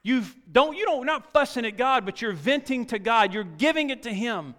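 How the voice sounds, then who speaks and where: Expressive and moderately paced, this middle-aged pastor's high, bright, clear voice delivers a folksy sermon packed with rhetorical questions. He shifts from hushed asides up to loud exhortation, while a big church hall's long reverb lingers after each phrase.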